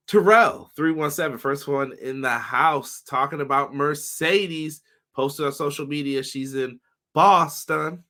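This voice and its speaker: A man hosting a casual wrestling podcast livestream, upbeat and greeting viewers by name, his voice slightly hoarse. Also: a little high, bright, forceful tone. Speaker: podcast host.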